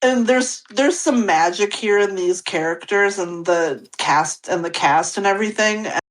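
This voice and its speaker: A woman's voice: mid-range voice, a little slow, poor audio. A woman co-hosting a podcast, talking casually and rambling with many fillers. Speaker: podcast co-host. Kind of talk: casual chat.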